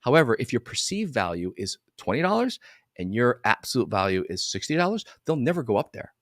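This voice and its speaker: A man gives a casual live-streamed lesson to chiropractors. He rambles, swears offhandedly and keeps asking whether listeners follow him. His pitch swings widely, and the sound is dry and close. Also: brisk, no echo. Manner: animated and rambling, with casual swearing and frequent check-ins with listeners. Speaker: business coach for chiropractors.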